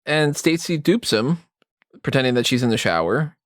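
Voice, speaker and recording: A man co-hosts a movie-review podcast, recapping scenes in an easy, chatty way and often laughing along. His mid-pitched voice comes across dry and close, with no room sound. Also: animated, moderate pace, no echo. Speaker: podcast co-host. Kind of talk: casual movie-review chat.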